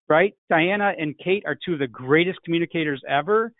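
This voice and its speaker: Sales coach, male, fairly high voice, emphatic, thin phone-like sound. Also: a little fast, hardly any pauses, dry recording. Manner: emphatic, frequent "right?" tags. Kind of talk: online sales class. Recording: tinny phone-like line, dry.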